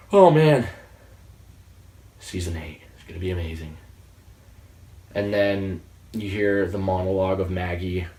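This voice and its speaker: A man in his late teens giving a casual, excitable, rambling review of a TV episode. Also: sits low. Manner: excitable, rambling, with frequent restarts. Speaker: movie reviewer. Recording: roomy sound, distant from the mic.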